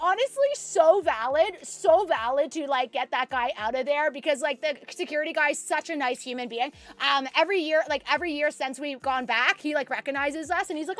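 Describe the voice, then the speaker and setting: A woman's voice: sits high, fairly quick, soft background music. A young woman with a Canadian accent chatting casually with viewers while sewing, telling a story in a rambling way full of "like"s and laughs. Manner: rambling, many "like"s and restarts, laughs a lot. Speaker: vlogger chatting with live viewers.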